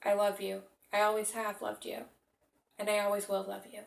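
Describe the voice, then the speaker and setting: A woman reading the lines of a troubled young man on the run, in her own soft, earnest voice. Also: mid-range voice, monotone, normal speed, gravelly, echoey room, natural voice. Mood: tender.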